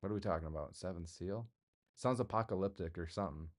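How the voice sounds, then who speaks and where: A man's voice: sits low, fast talker. A middle-aged man hosting his own livestream, chatting casually in a rambling, jokey way and answering viewers. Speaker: livestream host.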